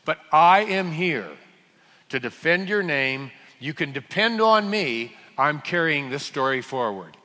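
A preacher doing a cocky zealous Saul. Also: male voice, on the high side, lively intonation, unhurried, pushed and bright. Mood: boastful. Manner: boastful, chatty, self-important. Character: Saul, a zealous self-assured male persecutor. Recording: long hall reverb.

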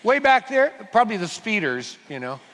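Lively, joking preacher in a hall. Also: male voice, high-pitched, normal speed, slight background noise. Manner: humorous, storytelling, frequent restarts, sudden loud bursts. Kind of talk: sermon. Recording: long hall reverb.

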